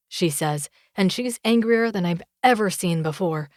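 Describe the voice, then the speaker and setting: A woman narrating a romance audiobook in the first person, with an expressive, measured reading. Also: fairly low pitch, no room sound, clean studio sound.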